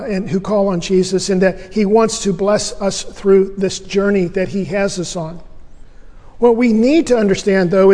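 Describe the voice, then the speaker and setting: High-voiced man preaching a sermon. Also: darkish tone, big-room sound. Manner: earnest, emphatic preaching with rhetorical questions. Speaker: pastor.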